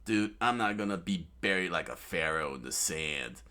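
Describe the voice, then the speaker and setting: Man doing a slangy, excitable young pirate hero. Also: deep voice, moderate pace. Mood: alarmed. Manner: slangy, excitable surfer-like talk. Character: brash young male pirate hero, cheerful, says dude.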